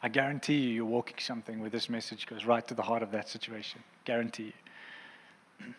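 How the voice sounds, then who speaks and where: Male pastor, mid-pitched, impassioned and earnest sermon delivery, long church-hall reverb. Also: little pitch movement, fairly quick, husky. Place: church auditorium.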